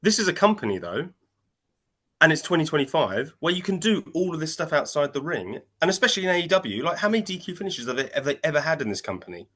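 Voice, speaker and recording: A man, co-hosting a casual wrestling chat and retelling a match in an animated way, jumping into quoted voices. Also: on the high side, fast talker. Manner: animated storytelling, acting out quotes in shifting voices. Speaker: wrestling podcast co-host.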